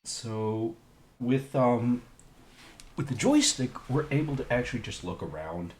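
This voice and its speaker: A man's voice: mid-range voice, expressive, a little slow, reverberant. A man streaming a retro game live, chatting casually and rambling with slang and many fillers.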